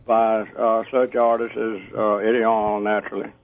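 A man calling a radio show, friendly and unhurried, laughing often, heard over a tinny phone line. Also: on the low side, little pitch movement. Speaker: radio caller.

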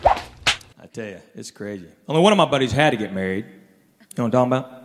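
A stand-up comedian on a comedy club stage drawls through his routine, laughing at his own jokes, in a medium-pitched, lively, quick voice. The live room has long reverb, with crowd laughter and room noise in the background.

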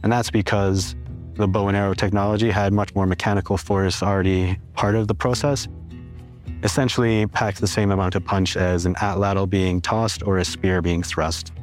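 A man explaining in a steady interview manner, often linking ideas with "and so". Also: sits low, normal speed, faint music behind.

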